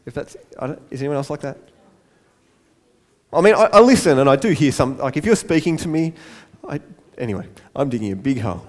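High-voiced man preaching a sermon. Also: sing-song, fairly quick. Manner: light-hearted, self-deprecating asides. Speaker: pastor.

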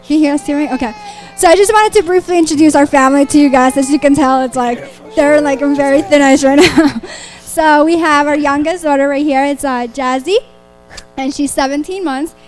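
High-voiced woman introducing her family. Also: a little fast, soft background music. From born in Mexico, grew up in Colombia. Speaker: missionary's wife.

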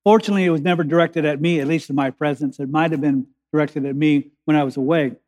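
A male pastor preaching, with a high voice that rings through a church sanctuary. He slows down to stress key phrases and lifts into urgency as his points build. His words trail off into a long hall reverb. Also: fairly even intonation, darkish tone. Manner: preaches with slow emphatic pauses and rising urgency. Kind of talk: sermon.

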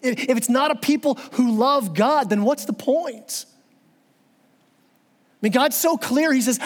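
Impassioned high-voiced male pastor preaching. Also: moderate pace, in a large hall. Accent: Southern American. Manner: impassioned, repeats words in restarts. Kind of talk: sermon.

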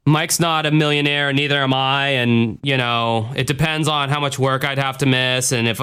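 A man's voice: mid-range voice, fairly even intonation, normal speed, sharp tone, clean tone. A man hosting a podcast in loose casual chat, rambling and swearing freely. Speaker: podcast host.

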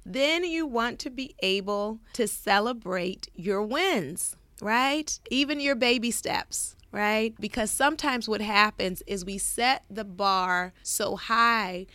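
A middle-aged woman therapist speaks in a gentle, encouraging self-help talk at an ordinary pitch. She often asks "right?" to check in with listeners. The recording is dry and close, with no room sound. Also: takes it slowly, few pauses, clear, resonant tone, dry recording. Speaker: therapist and podcast host.

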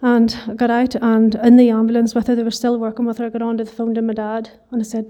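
A woman's voice: a little high, monotone, fast, hardly any pauses, dark tone. A woman with a Northern Irish accent giving a personal testimony in church, telling her story earnestly with plenty of "you know" fillers.

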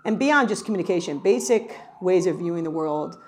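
A middle-aged woman from New York, a researcher answering interview questions in a lively, conversational way, often restarting her sentences. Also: on the low side, brisk, a little hiss or hum. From New York, United States. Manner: animated, frequent self-corrections and restarts. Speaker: cultural psychology researcher.

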